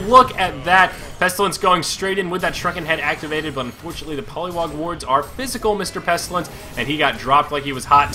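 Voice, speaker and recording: Bright-voiced male esports caster. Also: a little high, a little hiss or hum. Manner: chatty, animated, thinks aloud and corrects himself. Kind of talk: live play-by-play game commentary.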